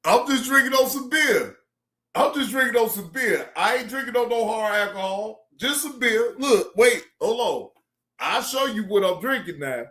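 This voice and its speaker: A man's voice: high-pitched, animated, moderate pace, sharp tone, reverberant. A man hosting a casual live-stream reaction show, who laughs often, swears freely and repeats himself.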